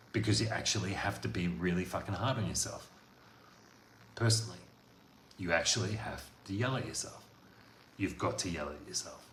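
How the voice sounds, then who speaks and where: A man with a low voice delivers a blunt, profane motivational monologue as a coach, swinging between loud outbursts and quiet talk. The recording is in an echoey room with faint noise.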